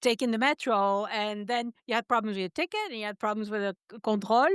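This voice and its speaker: A woman's voice: medium pitch, brisk, clean tone, dry recording, clean studio sound. A woman hosting a podcast interview, speaking frankly and matter-of-factly. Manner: frank, matter-of-fact, with short listening sounds. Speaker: podcast host. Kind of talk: casual interview chat.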